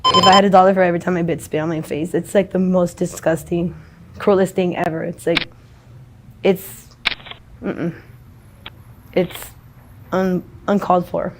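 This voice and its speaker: A woman's voice: fairly low pitch, fairly even intonation, normal speed, pauses often. Woman interviewee, rambling blunt talker who swears a lot, noisy street recording behind her.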